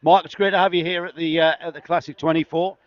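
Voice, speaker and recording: A man's voice: on the high side, fairly even intonation, quick pace. A middle-aged man from northeast England with a northeast English accent, doing chatty, teasing on-the-spot interviews outdoors at a racetrack with a handheld mic. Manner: chatty and teasing, jokey banter. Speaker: trackside roving interviewer. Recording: dull lo-fi outdoor sound.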